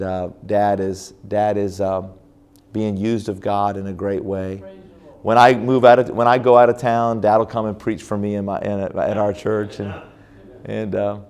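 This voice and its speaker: Speaking as a pastor at a church conference, this man delivers a sermon testimony about his own life. His voice is fairly low with a darkish tone, and his telling is full of restarts and fillers.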